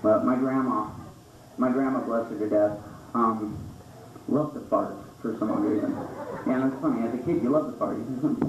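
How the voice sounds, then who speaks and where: A man doing a stand-up comedy set on a small club stage, jumping into high squeaky voices for the characters in his stories. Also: normal speed. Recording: roomy, distant, dull club recording with noise.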